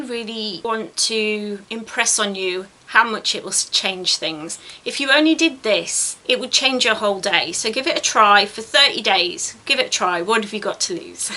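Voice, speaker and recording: A woman's voice: mid-range voice, bright, forceful tone. A tired woman vlogger talking to camera, giving earnest, encouraging self-help advice and repeating words for stress. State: tired, yawning.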